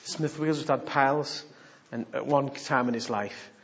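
A man preaching a sermon, animated and humorous, moving from hushed asides to loud exhortation. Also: mid-range voice, normal speed, muffled recording.

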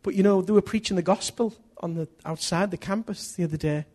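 A middle-aged man preaching a sermon, animated, acting out little dialogues as he tells stories. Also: high voice, fast talker. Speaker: pastor.

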